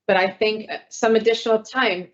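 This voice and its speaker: A woman on a parole board, deliberating with colleagues and then reading out a formal decision in a steady, matter-of-fact way. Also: on the high side, normal speed. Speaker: parole board member chairing a hearing. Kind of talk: official hearing deliberation. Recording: dull lo-fi hearing recording.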